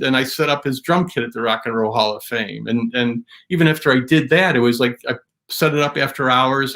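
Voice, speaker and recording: Guest man, gravelly voice, casual storyteller who rambles, restarts and gets animated. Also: medium pitch. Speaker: guest drum historian.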